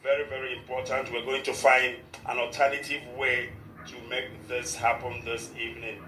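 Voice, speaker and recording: A man's voice: mid-range voice, flat delivery, normal speed, sharp tone, echoey room, a little hiss or hum, rough recording. A man hosting a live radio show in a formal, repetitive manner, with a short prayer. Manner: formal, repeats "of course" often. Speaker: radio host.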